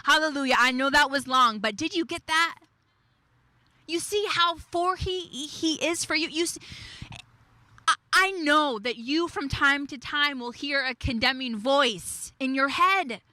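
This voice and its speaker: A woman preaching a devotional message in an emphatic way, repeating key phrases and slowing down on declarations. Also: high voice, pushed and bright, no room sound. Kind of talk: devotional sermon.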